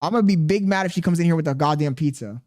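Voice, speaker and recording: A man's voice: fairly high pitch, very fast, darkish tone. Exasperated, muttering male streamer. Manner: rambling, exasperated, profane, mutters to himself. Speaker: livestreamer. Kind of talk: casual livestream chat, reading chat messages aloud.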